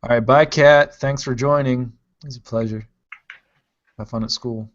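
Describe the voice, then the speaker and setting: A man's voice: mid-range voice, fairly even intonation, measured pace. A man from Ohio hosting a live-stream podcast, casually chatting and playfully reading out viewer comments. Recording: dull lo-fi stream audio.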